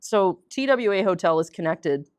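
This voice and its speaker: Woman podcast co-host, chatty storyteller, dry close mic, quick to laugh. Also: fairly low pitch, smooth, dry recording. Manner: chatty storyteller, animated quoted voices, frequent laughs. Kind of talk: casual chat.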